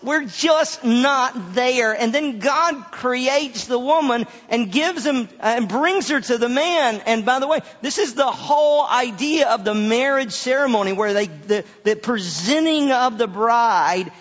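A male pastor preaching a sermon, halting and often repeating his words. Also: very high-pitched, expressive, fairly bright tone, long reverb tail, lo-fi sound.

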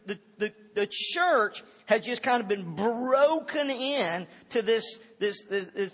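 High-voiced pastor preaching in a hall. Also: male voice, a bit bright, breathy edge. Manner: earnest, lots of halting restarts. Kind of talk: sermon. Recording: long hall reverb, dull lo-fi sound.

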